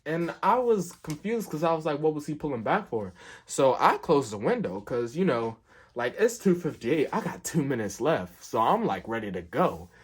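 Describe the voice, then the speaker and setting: A man's voice: on the high side, sing-song, moderate pace, husky. A young man telling a work story in a casual storytime, rambling and filling gaps with "like" and "um". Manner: rambling, filler-heavy, keeps saying "like".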